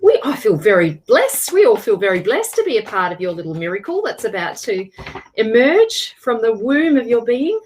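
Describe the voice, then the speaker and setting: A chatty woman in her thirties hosts a tarot livestream, greeting viewers one by one in a fairly high voice. She restarts her sentences often, and she drifts off the mic now and then. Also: big pitch swings, moderate pace. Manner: chatty, warm greetings, frequent restarts and laughs. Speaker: tarot reader hosting a livestream.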